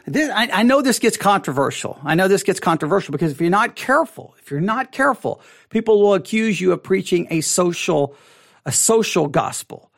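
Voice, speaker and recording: A man leading a conversational Bible study, halting and restarting, asking rhetorical questions. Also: sits high, expressive, gravelly.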